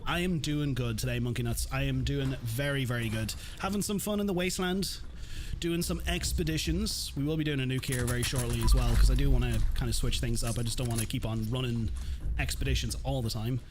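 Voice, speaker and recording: A man's voice: mid-range voice, brisk. Friendly guy streaming a game, chatting with viewers, lots of hiss in the audio. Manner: chatty, friendly, greets chat by name. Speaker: gaming live streamer. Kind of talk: live gameplay commentary.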